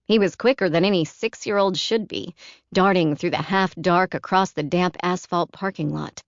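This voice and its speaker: Woman narrator for a novel audiobook, low voice with gravel, dry dull lo-fi recording. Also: moderate pace, no room sound. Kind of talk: scripted narration.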